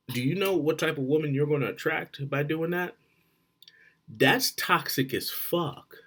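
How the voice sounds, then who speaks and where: A man giving blunt, profane relationship advice straight to the camera, swinging between loud and quiet. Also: on the high side, measured pace. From Florida. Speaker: vlogger.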